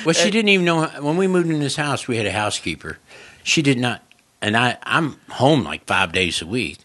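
Animated bright-voiced male comedian. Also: brisk. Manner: loud laughing, does high mocking voices in quotes. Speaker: comedian guest. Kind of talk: casual podcast storytelling.

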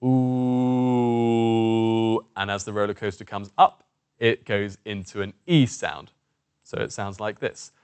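A man's voice: on the low side, moderate pace. Encouraging male voice coach. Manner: encouraging, demonstrative, coaxing participants along. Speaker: presentation skills coach. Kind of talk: instructional voice warm-up lesson.

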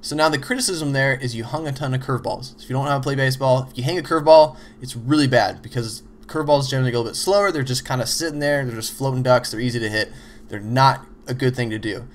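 A man's voice: mid-range voice, fast talker. Man casually explaining teamwork. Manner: loose, conversational, frequent "you know" and "like"; acts out little example dialogues. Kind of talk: casual instructional talk.

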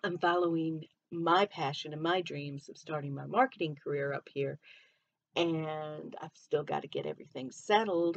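A woman's voice: deep voice, steady tone, moderate pace, a little mellow, highs cut off. A woman from Michigan with a mixed Southern and Midwestern accent, hosting a casual solo podcast and chatting freely, often drifting onto tangents. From Michigan, USA. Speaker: podcast host.

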